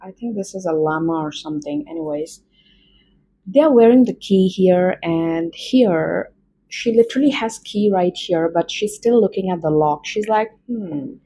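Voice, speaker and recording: A woman's voice: medium pitch, lively intonation, moderate pace, warm tone, low-quality recording. A woman with an Indian accent doing a casual tarot reading, chatty and rambling with many fillers. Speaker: tarot reader.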